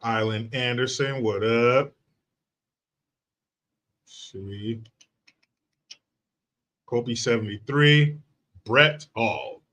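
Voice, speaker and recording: A man's voice: medium pitch, very slow, long pauses, fairly bright tone. A man hosting a casual political commentary stream, brash and sarcastic, swearing freely as he reads viewer comments.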